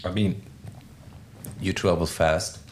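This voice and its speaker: A man talking as a guest in a casual conversation, with a deep, gravelly voice, rambling in a relaxed way with many "like" fillers. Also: takes it slowly, a little hiss or hum.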